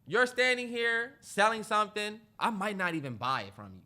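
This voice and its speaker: A man's voice: sits high, big pitch swings, normal speed, sharp tone. A man co-hosting a podcast in casual chat, telling a story animatedly and acting out what people said. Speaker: podcast co-host.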